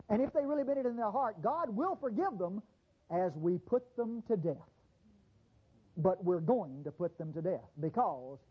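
A man's voice: sits high, slightly rough, lo-fi sound. A male preacher delivering an emphatic, fervent sermon to his congregation.

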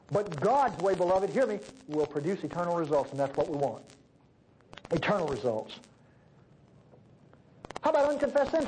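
Folksy high-voiced preacher. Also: male voice, slight background noise, low-quality recording. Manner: folksy, animated, swings between loud and hushed. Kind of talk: sermon.

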